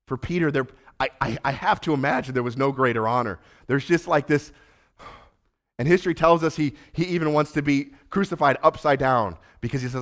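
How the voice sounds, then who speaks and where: Playing the parts of Jesus and Peter, a pastor moves his sermon back and forth between loud urgency and hushed softness. He talks at a brisk clip in a medium pitch.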